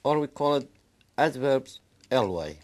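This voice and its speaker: Man slowly drilling English word forms. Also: medium pitch, very animated, a little mellow. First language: Kurdish. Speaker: English teacher. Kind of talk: language lesson.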